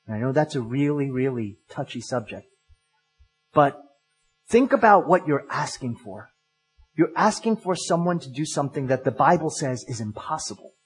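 A male pastor giving an earnest, emphatic sermon, pausing and restarting as he works through his points. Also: mid-range voice, expressive, husky.

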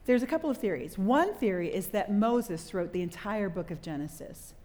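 A middle-aged woman's sermon, given live to an audience, is an animated story punctuated by questions for the listeners. Her pitch is medium and her speed normal, and the room adds long hall reverb.

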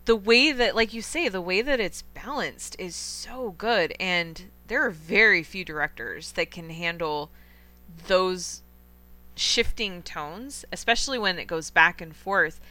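A woman's voice: lowish voice, expressive, a little slow, bright, forceful tone. A young woman hosting a film podcast, chatting casually and enthusiastically with strong opinions. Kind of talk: casual film review chat.

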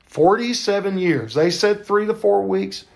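An older man hosting a podcast, telling a faith testimony in a fervent, preacher-like way with drawn-out emphasis. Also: high voice, gravelly, darkish tone. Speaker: podcast host.

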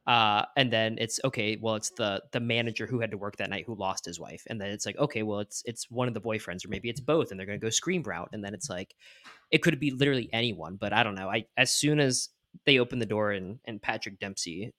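Low bright-voiced man, casual guest. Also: fairly quick, dry recording. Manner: relaxed, lots of likes, retells dialogue. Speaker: podcast guest. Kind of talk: casual chat.

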